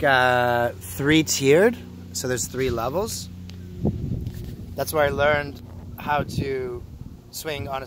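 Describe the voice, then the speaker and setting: A Canadian man vlogs casually from an outdoor park, rambling to his phone camera as he jokes, teases, and swears freely. His voice is medium-pitched and fairly bright, with a little hiss or hum in the recording.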